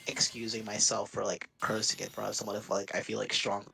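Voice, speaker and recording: A man's voice: fairly low pitch, flat delivery, fairly quick, gravelly, pushed and bright, poor audio. A man chatting casually while gaming, rambling with lots of fillers and giggling often. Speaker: co-host.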